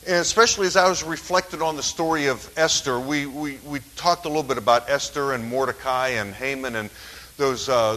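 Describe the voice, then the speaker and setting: Lively-pitched man preaching a sermon. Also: poor audio. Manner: conversational preaching with frequent restarts and fillers. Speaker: pastor. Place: church.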